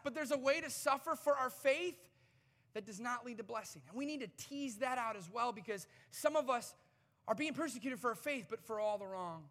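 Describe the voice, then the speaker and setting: A man in his thirties preaching a sermon as a pastor, telling stories with an animated, self-deprecating manner. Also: very high voice. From United States. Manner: animated storytelling, self-deprecating, rising to excited peaks. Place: church sanctuary. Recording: reverberant church hall.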